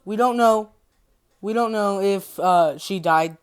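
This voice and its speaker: A woman's voice: medium pitch, slow pace, clean tone. A woman casually summarizing a horror book, rambling and repeating herself. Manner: rambling, repetitive, giggly. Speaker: youtuber retelling a book.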